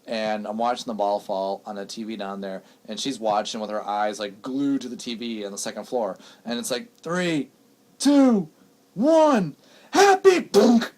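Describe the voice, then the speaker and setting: A man's voice: on the low side, steady tone, a little fast, hardly any pauses. A young man co-hosting a small radio show, telling stories animatedly and laughing often. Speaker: radio co-host. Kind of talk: casual radio banter.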